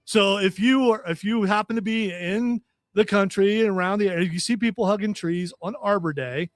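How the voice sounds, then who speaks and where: A man's voice: high voice, moderate pace, dry recording, studio quality, soft background music. A man hosting a local radio and stream show in casual chat, joking around with his co-hosts. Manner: jokey, drops into silly put-on voices. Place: radio studio.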